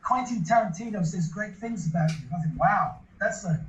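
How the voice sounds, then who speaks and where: A man's voice: high voice, animated, moderate pace, a little hiss or hum. A man being interviewed, telling a long story casually, with lots of restarts and repeated words. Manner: rambling storyteller with many restarts. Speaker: interview guest. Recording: echoey room, lo-fi.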